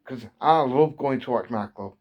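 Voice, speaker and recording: A man's voice: mid-range voice, normal speed, lo-fi sound. A man in his thirties from England, an angry football fan ranting on his channel, repeating himself as his frustration builds. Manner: heated, repetitive, building frustration. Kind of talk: angry fan rant to camera.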